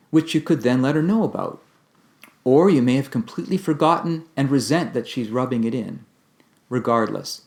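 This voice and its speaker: A man giving a calm, measured instructional talk on communication, explaining ideas step by step. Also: mid-range voice. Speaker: communication teacher.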